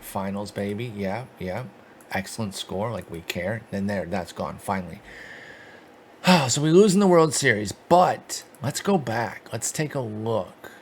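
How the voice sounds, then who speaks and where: Excitable man commentating a game. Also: mid-range voice, slight background noise. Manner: excitable, self-mocking, talks to viewers. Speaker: gaming video host.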